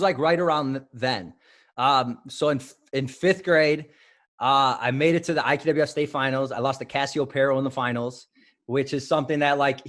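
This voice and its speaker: A man's voice: medium pitch, a bit bright. A man from Illinois, a wrestling coach, telling stories as a podcast guest and often restarting his sentences. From Illinois, United States. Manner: rambling, self-correcting storyteller. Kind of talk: casual interview.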